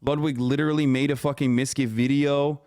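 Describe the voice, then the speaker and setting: A man's voice: medium pitch, steady tone, brisk, a little mellow, dry recording, clean studio sound. A man in his thirties streaming live, ranting and mocking his chat with lots of profanity, combative and sarcastic. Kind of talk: live stream reaction rant.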